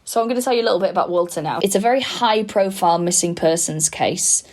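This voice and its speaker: A woman's voice: fairly low pitch, fast, darkish tone. A woman co-hosting a true-crime comedy podcast, talking casually and bluntly and often restarting her sentences.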